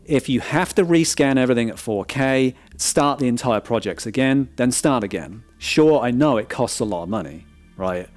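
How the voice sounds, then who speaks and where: A man's voice: mid-range voice, lively intonation, moderate pace, a little mellow, faint music behind. A man giving a frank, casual review of a film disc, often checking in with "right?" and restarting his words.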